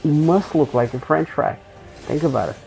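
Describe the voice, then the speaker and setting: A man's voice: a little high, moderate pace, gravelly, darkish tone, soft background music, low-quality recording. A man streaming a game and telling rambling, joking anecdotes in a loose, profane, casual way. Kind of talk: casual storytelling while gaming.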